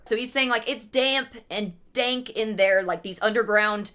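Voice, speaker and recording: Woman streamer breaking down an old story, bright voice, says like a lot. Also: fairly high pitch, unhurried, few pauses, clear, resonant tone. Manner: casual, chatty asides full of "like". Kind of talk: reading and explaining a classic story on a livestream.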